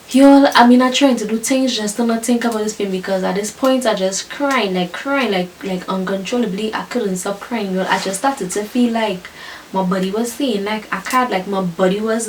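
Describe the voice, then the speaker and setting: A young woman telling her birth story to viewers in a lively, chatty way, often calling them y'all and laughing. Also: mid-range voice, recorded from a distance, a little hiss or hum.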